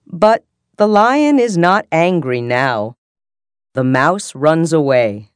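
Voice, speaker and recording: Very slow, low-voiced woman narrator. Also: animated, clear, resonant tone, no echo. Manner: slow and carefully enunciated. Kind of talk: slow story reading for learners.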